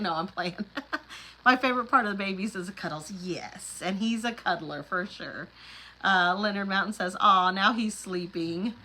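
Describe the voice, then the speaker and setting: Chatty bright-voiced grandmother. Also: medium pitch, normal speed, low-quality recording. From Oklahoma Panhandle. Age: middle-aged. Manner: chatty, laughs often, rambling asides. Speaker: livestream host. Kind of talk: casual live chat reading viewer comments.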